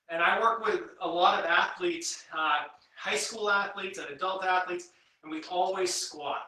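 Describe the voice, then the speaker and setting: Male strength coach leading a live home workout. High, bright voice that counts reps and coaches form, recorded in a very echoey room from a distance. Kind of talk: live guided workout instruction. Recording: very echoey room, voice from away from the mic.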